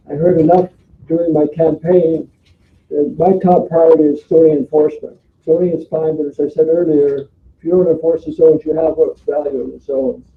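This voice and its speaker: A man, a council member who has lost his voice, speaking at a council meeting in a hoarse, gravelly way. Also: on the high side. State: losing his voice. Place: council chamber. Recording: tinny narrow audio with faint hiss.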